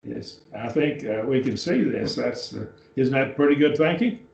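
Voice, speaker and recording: A man's voice: medium pitch, animated, moderate pace, gravelly, a little mellow, muffled recording, a little hiss or hum. Man teaching a Bible class, echoey and distant. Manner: explanatory, checks with "okay?". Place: church classroom.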